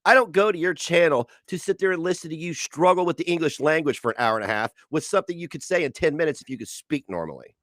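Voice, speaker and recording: Male streamer, angry profane rant, lively swooping delivery, dry close mic. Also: a little high, quick pace, hardly any pauses, no room sound. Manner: profane, ranting, sarcastic.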